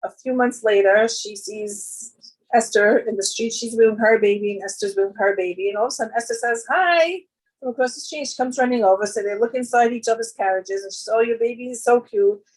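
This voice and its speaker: A woman with a husky, slightly breathy voice, telling anecdotes at a women's gathering. She talks in a loose, chatty way, full of fillers. She often lifts into animated voices for the people she quotes. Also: mid-range voice, fairly quick, low-quality recording. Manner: conversational, with many fillers and jumps into quoted voices. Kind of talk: storytelling talk.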